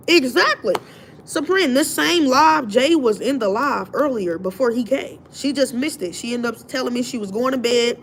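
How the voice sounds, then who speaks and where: A woman hosting her own livestream, telling a story in an indignant, animated way. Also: on the high side, moderate pace, slight background noise. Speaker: livestream host. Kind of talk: casual livestream rant.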